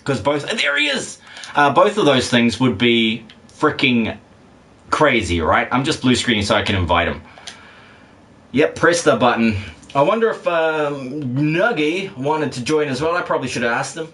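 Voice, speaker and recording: A man with a mid-range, fairly bright voice rambles animatedly at normal speed while live-streaming a game and reading chat. He comes across as condescending yet laid-back, laughing often and cursing freely.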